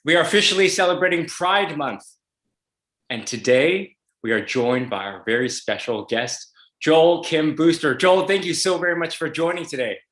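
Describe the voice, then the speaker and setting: A man's voice: a little high, animated, normal speed, a bit bright, roomy sound. A man hosting a video interview as a legislator, upbeat and reading an introduction with some fillers. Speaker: host, state legislator.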